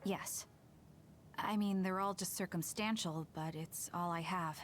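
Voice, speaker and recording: An actress voicing a hesitant, apologetic young woman who leads her team in a video game, speaking in halting bursts. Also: fairly low pitch, fairly even intonation, close to an everyday voice. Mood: uneasy. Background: game music.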